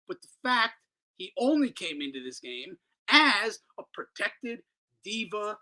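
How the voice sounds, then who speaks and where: A man's voice: high voice, very animated, a little slow, sharp tone, low-quality recording. A man hosting a boxing talk show, ranting in a heated, profane way. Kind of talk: ranting commentary.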